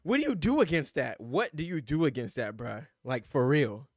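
A young man streaming live reactions to basketball highlights, blurting out groans and exclamations in casual, slangy, profane banter. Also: very animated, normal speed, a little hiss or hum.

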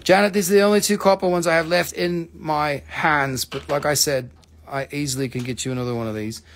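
A man with a slightly high voice hosts a live crystal sale. He rambles along in a loose, joking way, swears freely and keeps calling out to viewers by name. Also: fairly even intonation, fairly quick, fairly bright tone. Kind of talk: casual live sales pitch.

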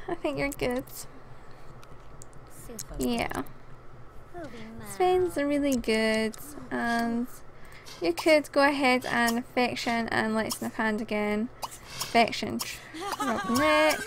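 A woman's voice: on the high side, very slow, slight background noise. A woman hosting a casual let's play, chatting and giggling as she talks to the game characters, sounding tired. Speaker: gaming channel host.

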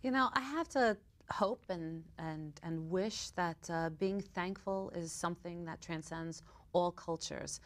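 A woman's voice: lowish voice, measured pace. A woman speaking as a guest on a TV panel discussion, thoughtful, with a few restarts. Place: TV studio.

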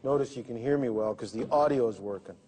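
An actor playing a dim-witted, know-it-all brother in an improvised sketch, with a nasal drawl ending lines with "eh". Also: male voice, medium pitch, quick pace, warm tone, breathy edge, close to an everyday voice. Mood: goofy. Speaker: sketch comedy co-host. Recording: echoey room with long reverb.

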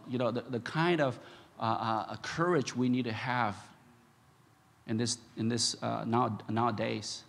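Male pastor, bright husky tone, halting delivery full of fillers with animated bursts, sermon recorded in an echoey church hall. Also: medium pitch. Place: church sanctuary.

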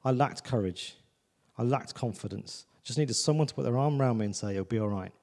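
A man's voice: mid-range voice, a little fast, a little mellow, big-room sound. A man preaching a sermon in a church, in a chatty, conversational way, often asking "do you know what I mean". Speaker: visiting preacher.

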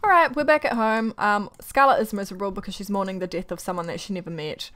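A young woman giving casual let's-play commentary, exasperated and ranting, often breaking into quick laughs. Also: mid-range voice, fairly bright tone. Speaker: gaming YouTuber.

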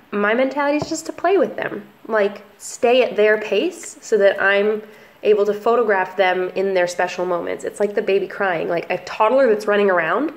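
A young woman, a family photographer chatting casually in a relaxed vlog, with plenty of ums and likes. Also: medium pitch. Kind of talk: casual talking-head vlog.

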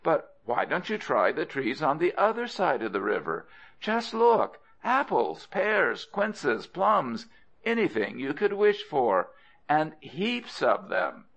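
A man's voice: mid-range voice, big pitch swings, normal speed, gravelly, few pauses, a bit bright, pitched above the performer's own voice, heavily acted. A man reading a storybook and voicing a big, dim, cunning male crocodile who talks in a wheedling, sweet-talking way.

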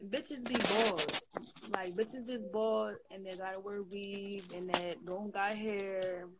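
A woman's voice: medium pitch, fairly even intonation, slow, heavy background noise. A woman chatting casually as co-host, teasing and talking back. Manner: laughing, teasing, talks back. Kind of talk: casual chat.

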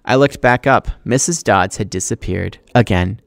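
Male teacher reading aloud, expressive, lowish voice, dry close sound. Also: normal speed, creaky, dry recording. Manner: expressive, acting out the dialogue.

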